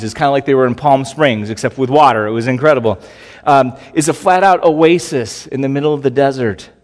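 A man preaches a sermon in a relaxed, conversational way, tossing out rhetorical questions. His voice sits a bit high for a man. A long reverb trails after his words. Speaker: pastor.

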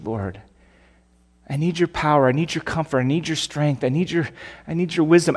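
A man pastor preaching a sermon in a conversational way, with rhetorical questions and acted-out prayers. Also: a little high. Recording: long hall reverb.

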